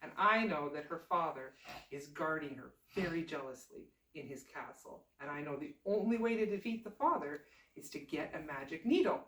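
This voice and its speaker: A woman's voice: sits low, expressive, moderate pace, fairly bright tone. A woman voicing a blunt, knowing little old witch. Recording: roomy, distant mic.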